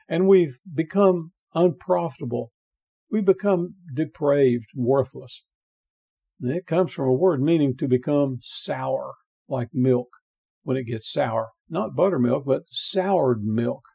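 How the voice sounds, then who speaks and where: A man preaching a verse-by-verse Bible sermon, reading scripture aloud and hammering home key words with earnest repetition, with frequent pauses and restarts. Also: mid-range voice, gravelly, mellow, husky. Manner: earnest, reads scripture aloud and stresses single words by repeating them; halting, with frequent uh fillers and restarts.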